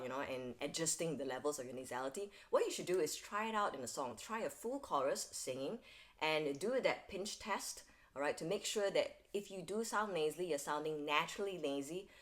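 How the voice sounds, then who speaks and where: A woman singing teacher explaining vocal technique step by step, often checking in with "all right?". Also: sits low. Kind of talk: instructional video lesson.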